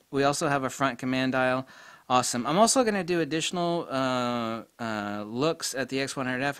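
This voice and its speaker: A middle-aged man giving a casual spoken camera review, blunt and excitable, with mild swearing. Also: medium pitch, clear, resonant tone, dry recording.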